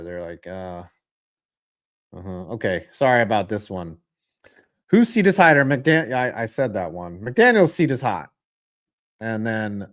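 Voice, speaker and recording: A young man hosting a live football reaction stream, ranting with lots of swearing and calling plays with sudden bursts of excitement. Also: medium pitch. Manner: profane, ranting, jumps into excited play calls.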